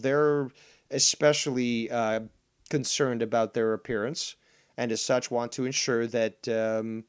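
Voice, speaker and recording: Profane rambling male livestreamer. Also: mid-range voice. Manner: rambling, profane, mocking, many fillers. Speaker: livestream host. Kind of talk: casual livestream commentary.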